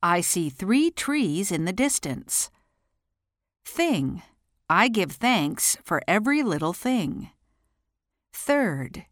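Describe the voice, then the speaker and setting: A woman teaching pronunciation, reading single words and then short example sentences with careful, deliberate enunciation. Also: mid-range voice, very animated, dry recording, clean studio sound. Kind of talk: slow pronunciation drill, word then sentence.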